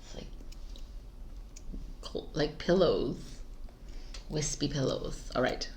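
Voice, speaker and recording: A woman's voice: low voice, takes it slowly, darkish tone, a little hiss or hum. A woman doing tarot intros who keeps laughing, stumbling over her words and swearing casually. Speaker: tarot reader. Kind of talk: casual blooper chat.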